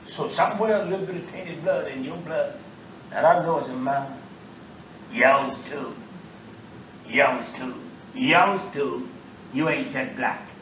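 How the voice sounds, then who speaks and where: A man preaching a sermon to a congregation in a loose, animated street style, with sudden loud outbursts and asides. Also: mid-range voice, a little hiss or hum. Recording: roomy echo, mic far off, faint ambience.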